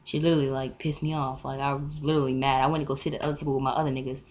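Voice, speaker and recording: Low-voiced teen girl ranting. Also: very fast, a little hiss or hum. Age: teens. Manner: animated, profane, acts out both sides of an argument. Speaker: vlogger. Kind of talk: casual storytime rant.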